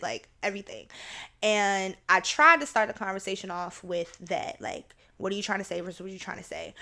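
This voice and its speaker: This is a young woman speaking to her podcast listeners in a candid, confessional monologue. Her voice is bright and sharp. She keeps it casual and blunt, with plenty of fillers and the odd curse. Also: medium pitch. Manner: frank and chatty, with swearing and filler words. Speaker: podcast host.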